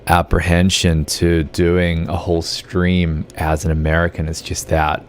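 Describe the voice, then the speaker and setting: A man's voice: deep voice, completely flat delivery, measured pace, slight background noise. A man with an Australian accent chatting casually with his live-stream audience while gaming, rambling with lots of filler words. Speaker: game streamer.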